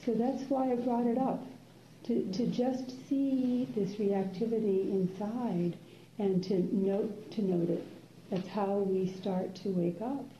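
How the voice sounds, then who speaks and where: Gentle older woman teaching meditation, warm, low-key voice, pauses a lot, echoey lo-fi room sound. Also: slight background noise. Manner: unhurried and musing, with soft laughs and many pauses. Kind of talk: reflective dharma talk to a class. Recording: roomy, dull lo-fi room recording.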